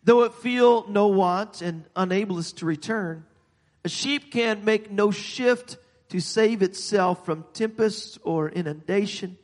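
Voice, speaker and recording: A man preaching a sermon, halting and repeating words, growing emphatic as he goes. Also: high-pitched, in a large hall.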